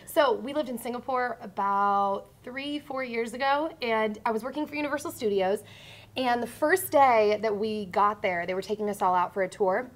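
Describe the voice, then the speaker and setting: Woman panelist, high-pitched, animated storyteller acting out quotes, casual chat. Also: normal speed.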